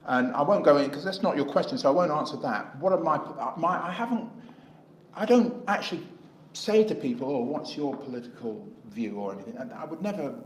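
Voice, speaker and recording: Here the same kind of speaker, a middle-aged English independent candidate, answers interview questions at a brisk clip in a sing-song voice on the high side. He rambles and performs the dialogue in his stories. The low-quality recording has a roomy sound and faint background noise.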